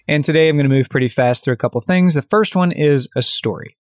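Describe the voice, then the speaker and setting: A man hosting his own coaching podcast, telling a story in a direct, energetic, conversational way. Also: a little high, quick pace.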